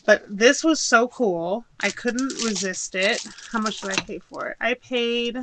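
A woman's voice: a little high, big pitch swings, takes it slowly, hardly any pauses, a bit bright, rough recording. A middle-aged woman chatting casually to viewers while unboxing a haul, with giggles along the way. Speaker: haul vlogger. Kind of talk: casual haul video chat. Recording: audible background noise.

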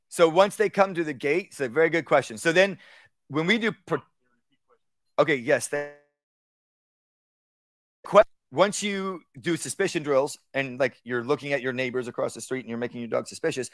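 A man teaching a live workshop on dog training, talking casually and acting out calm, low commands to a dog. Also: normal speed, pauses often, dry recording. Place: outdoor workshop.

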